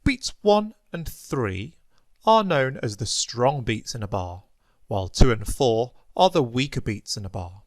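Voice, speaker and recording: Slow, lively-pitched British male teacher. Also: no room sound. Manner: slow, clear counting aloud with clapping. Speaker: music teacher. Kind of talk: classroom music theory lesson.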